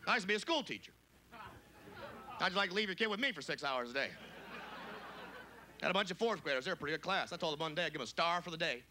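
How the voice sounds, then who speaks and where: A man doing a brash, crude stand-up comedy routine on a club stage, shouting his punchlines in high, squeaky put-on voices. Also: expressive, fast, long pauses, slight background noise. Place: club stage before a live audience.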